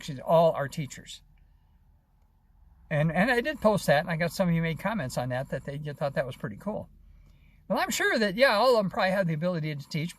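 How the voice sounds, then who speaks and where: Folksy older man, lively rambling storyteller. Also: fairly high pitch, no echo. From United States. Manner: rambling, folksy, many restarts and "you know". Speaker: vlogger. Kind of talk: casual first-person storytelling.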